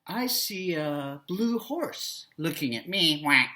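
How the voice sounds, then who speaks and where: A man voicing a yellow duck from a children's picture book, with loud, exaggerated quacks. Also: fairly high pitch, big pitch swings, slow pace, heavily acted. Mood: playful.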